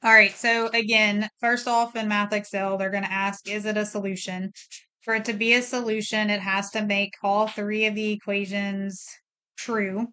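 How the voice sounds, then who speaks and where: A middle-aged woman teaches a recorded math lesson. Her voice is smooth and clear, with a level, unvarying tone. She explains plainly, thinking aloud through each step as she works. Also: medium pitch, little pitch movement, normal speed, sharp tone.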